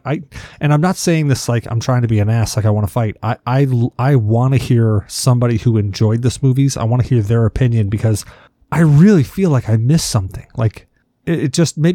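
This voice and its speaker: A man's voice: mid-range voice, mellow, no echo, studio quality. A man co-hosting a podcast, earnestly ranting about a disappointing movie in casual chat over a call. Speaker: podcast co-host. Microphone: remote call mic.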